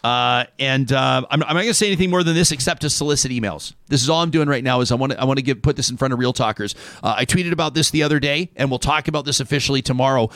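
A man's voice: mid-range voice, no room sound. A man, hosting a casual talk show and joking his way through a list of names and stories. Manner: animated, joking, reading lists aloud.

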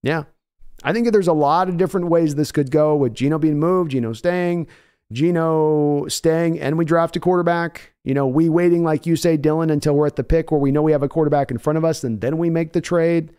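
A man's voice: on the high side, a little fast, mellow, smooth. A man hosting a live sports stream, chatting casually and answering viewers by name. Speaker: sports podcast host reading chat.

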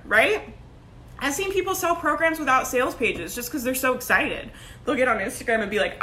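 A woman's voice: on the high side, a little fast, sharp tone, a little hiss or hum. A woman giving a motivational group coaching talk as a business coach, emphatic and rallying, tagging her lines with "like" and "right?".

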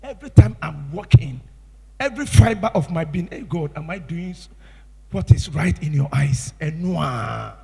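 Impassioned Ghanaian preacher in a reverberant hall. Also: male voice, a little high, animated, moderate pace, vocal fry, husky. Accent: Ghanaian English. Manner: impassioned, swinging from hushed to shouted. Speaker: pastor. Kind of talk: sermon.

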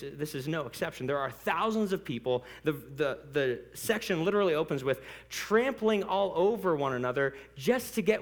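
A man preaching a sermon in a church, conversational and playful, with asides to the congregation. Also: a little high. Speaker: pastor.

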